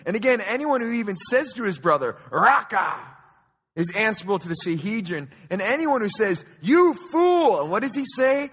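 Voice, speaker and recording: Man preaching a sermon, very high voice, bright and forceful tone, rhetorical questions, loud then hushed, long hall reverb. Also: breathy edge. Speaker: pastor. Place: church auditorium.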